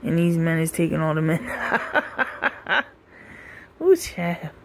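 Laid-back woman with a gravelly voice. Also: low-pitched, big pitch swings, takes it slowly, fairly bright tone. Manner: laid-back, drawling, profane. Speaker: gossip show host. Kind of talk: casual commentary reading comments.

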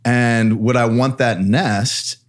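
Reflective priest telling personal stories. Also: male voice, medium pitch, fairly even intonation, slow pace. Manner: reflective, tells personal stories, laughs easily. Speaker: priest and co-host. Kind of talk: casual panel discussion.

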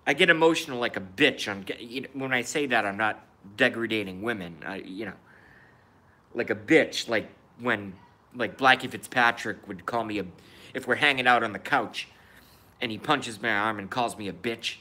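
Bright-voiced man ranting on a stream. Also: fairly low pitch, moderate pace. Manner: blunt, swears freely, reacts to chat. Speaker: livestream host. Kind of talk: casual livestream rant.

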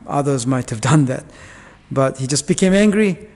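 A man's voice: medium pitch, animated, normal speed, a little mellow. A male pastor preaching a sermon in a church, explaining Bible verses in a conversational way with asides and fillers. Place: church hall. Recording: long church reverb.

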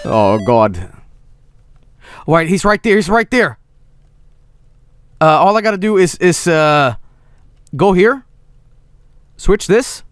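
Exasperated streamer yelling at a game. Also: male voice, high-pitched, very animated, slow pace, long pauses, clear, resonant tone. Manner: exasperated, profane, frequent yelled protests. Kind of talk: gaming stream commentary. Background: game music.

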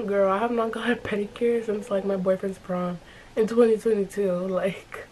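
A young woman rambles through a casual vlog in her bedroom, filling her talk with "like." Her voice is mellow and a bit stuffy from allergies. A faint hiss sits behind her. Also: medium pitch, fairly even intonation, moderate pace, rough recording. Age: young adult. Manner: rambling, chatty, heavy use of "like". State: stuffy from allergies and a runny nose. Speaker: vlogger. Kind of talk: casual vlog chat to camera. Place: bedroom at home.

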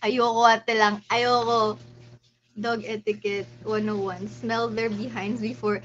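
A young woman with a Filipino accent hosting a casual live stream, playful and excitable, quick to squeal and laugh. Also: mid-range voice. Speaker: livestream host. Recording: slightly muffled lo-fi stream audio.

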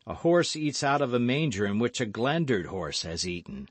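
A man voicing a weary, measured older musketeer patiently persuading a friend in an audiobook. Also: mid-range voice, sing-song, dry recording. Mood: persuasive.

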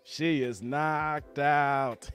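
A man's voice: fairly high pitch, steady tone, very slow, fairly bright tone, clean tone, faint music behind. A man hosting a live stream, laughing and teasing as he reads the chat aloud. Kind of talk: casual live stream commentary.

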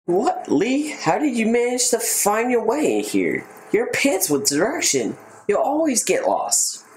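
A man voicing an excitable teenage boy who is the hero's rival in a game, reading his lines a little higher than his own voice. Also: a little slow, heavily acted. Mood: excited. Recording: roomy echo, faint noise.

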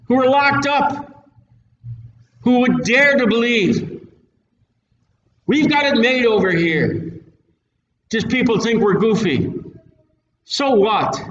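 A man gives a folksy, plain-spoken sermon, leaning hard on his points. His voice sits high for a man. He is recorded from a distance in a roomy hall, and the sound is dull and slightly noisy. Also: a bit bright. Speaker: preacher. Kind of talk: casual Bible-teaching sermon. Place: church hall with a live audience. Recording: echoey room, mic at a distance, dull sound.

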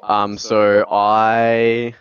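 A man playing a tabletop role-playing game in character, teasing the others in a dry, deadpan way. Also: fairly low pitch, extremely slow. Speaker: tabletop player. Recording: dull lo-fi mic.

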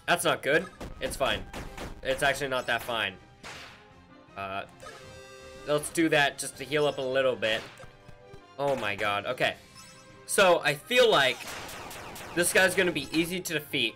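A man doing excitable let's play commentary, reacting aloud to the game as he plays. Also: mid-range voice. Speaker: gameplay commentator.

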